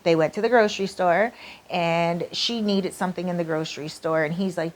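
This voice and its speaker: A woman's voice: fairly low pitch, normal speed. A woman narrating a relationship story in a casual storytime style, chatty and full of fillers. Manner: chatty, lots of "like" and "you know".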